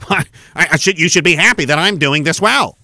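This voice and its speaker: Man doing a stammering, condescending rich politician, bright dry voice. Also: a little high, expressive, normal speed, no room sound, full character voice. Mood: mock-puzzled. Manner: mock-baffled, stammering, condescending. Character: smug out-of-touch rich male politician.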